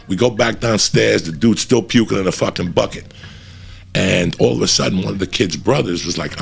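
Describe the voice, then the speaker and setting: Gravelly profane man telling a story. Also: fairly low pitch, brisk. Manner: profane, animated, acts out voices in his stories. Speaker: comedian storyteller. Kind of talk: casual storytelling.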